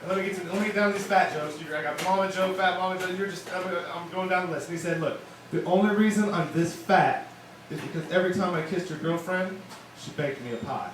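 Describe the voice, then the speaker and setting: Young male comic, slightly high voice, rambling delivery, echoey bar room. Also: fast talker. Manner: rambling, self-deprecating, lots of fillers. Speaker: open mic comedian. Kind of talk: stand-up comedy set. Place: wine bar open mic. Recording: echoey room, distant mic, bar noise.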